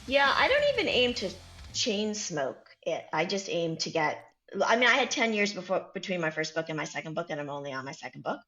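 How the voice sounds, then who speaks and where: Bright, lively woman from Boston. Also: fairly low pitch, soft background music. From Boston, United States. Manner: halting and self-correcting. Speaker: author and podcast guest. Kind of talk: casual interview conversation.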